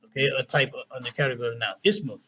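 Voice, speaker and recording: A man teaching a casual Arabic lesson who often checks in with "right?" and "okay?" and slows down to spell out words. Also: mid-range voice, bright, forceful tone, breathy edge, lo-fi sound.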